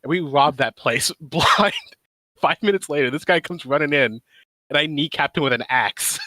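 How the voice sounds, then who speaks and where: A man's voice: fairly high pitch, moderate pace, sharp tone, no echo. A man hosting a casual stream, telling a rambling gaming story with many fillers. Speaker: stream host.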